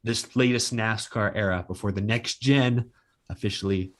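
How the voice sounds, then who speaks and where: A man co-hosting a casual podcast, announcing next week's show in a relaxed, friendly way with scattered fillers. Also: fairly low pitch, moderate pace. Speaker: podcast co-host.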